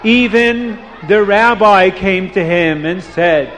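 A man telling a moral story to listeners, hushing them and moving between soft and emphatic delivery. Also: high-pitched, takes it slowly, hardly any pauses, in a large hall, a faint crowd.

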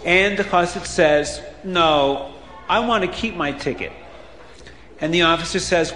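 A man's voice: high-pitched, measured pace, slight background noise. A man telling a children's story, acting out the characters' voices with lots of expression. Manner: animated, acts out characters' voices. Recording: echoey hall with faint ambience.

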